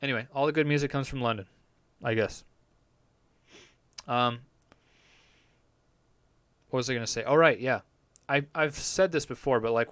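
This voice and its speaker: A man's voice: mid-range voice, a bit bright, smooth, no room sound. Rambling, profane young man streaming. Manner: rambling, profane, laid-back. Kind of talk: casual live-stream chat. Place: home basement studio.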